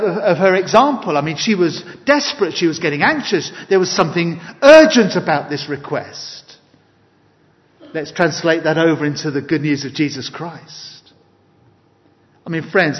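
A man preaching an evening sermon, earnest and emphatic, mixing scripture with personal stories. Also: a little high. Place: church hall. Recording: dull, long-reverb hall recording.

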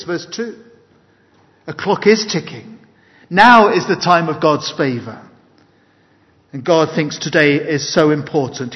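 An earnest man delivering a sermon with a slightly raised pitch, pressing his points with emphasis and weaving in personal anecdotes. His voice carries a long reverb tail through a church hall, heard on a muffled recording. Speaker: preacher.

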